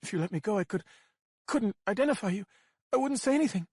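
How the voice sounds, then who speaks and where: Audiobook: male reader as a panicked young woman captive, high-pitched and desperate. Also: lively intonation, quick pace, darkish tone, slightly rough, no echo, studio quality. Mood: pleading. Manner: pleading, sobbing, breaking voice.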